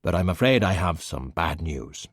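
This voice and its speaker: A dry, sardonic skeleton detective speaks low and unbothered, as a male audiobook narrator plays him. His deadpan delivery stays calm and wry. The sound is close and dry. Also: normal speed, no echo. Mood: smooth polite.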